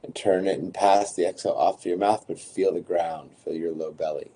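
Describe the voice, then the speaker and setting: A man guiding a breathing practice, calmly counting breaths and giving short instructions. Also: deep voice, brisk, slightly rough. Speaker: breathwork guide.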